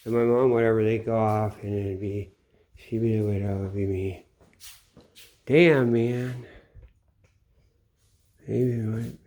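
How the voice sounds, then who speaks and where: A middle-aged man giving a rambling late-night monologue, swearing often and trailing off into low mutters. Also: steady tone, takes it slowly, pauses often, darkish tone. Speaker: channel host. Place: home at night.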